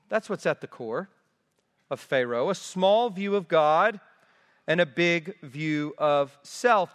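A man's voice: high-pitched, fairly bright tone. A man preaching a sermon in a church, emphatic and repeating key phrases for weight. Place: church sanctuary. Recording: long reverb of a large hall.

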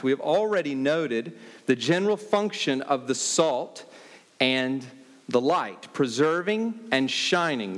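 Emphatic preacher in a reverberant hall. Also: male voice, fairly high pitch. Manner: emphatic, repeating key phrases for stress. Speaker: pastor. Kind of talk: sermon.

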